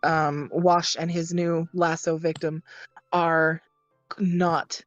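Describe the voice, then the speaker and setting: Low-voiced woman game master. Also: little pitch movement, no echo, muffled recording, soft background music. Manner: measured, explanatory, frequent ums. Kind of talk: narrating a tabletop game.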